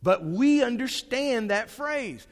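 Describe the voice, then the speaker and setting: A man teaching in a chatty, animated way. His pitch swings widely as he drifts into asides and restarts his sentences. His voice rings with the long reverb of a big hall. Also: takes it slowly. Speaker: Bible teacher. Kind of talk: conversational church teaching.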